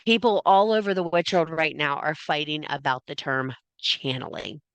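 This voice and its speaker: A woman's voice: low voice, expressive, moderate pace, clear, resonant tone, dry recording. A woman leading a spiritual class in a casual, blunt way, swearing freely and repeating phrases for emphasis. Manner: casual, blunt and frequently profane.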